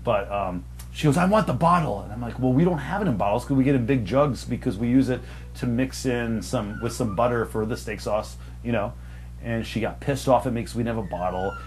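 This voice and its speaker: A young man, a server and podcast co-host, telling a profane story and acting out customers in sudden high, loud bursts. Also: fairly quick, a little hiss or hum. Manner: animated, profane, acts out customers in raised voices. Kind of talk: casual storytelling chat.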